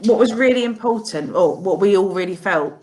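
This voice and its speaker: A woman's voice: medium pitch, expressive, brisk, noisy background. A woman from a charity chatting on a video call, enthusiastic and full of praise. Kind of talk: casual chat on a video call.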